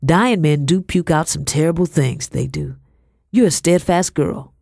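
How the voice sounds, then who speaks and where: A woman's voice: sits low, a little slow, a little mellow, dry recording, studio quality. A woman voicing a greedy older male prison guard who talks in a wheedling, folksy colonial way.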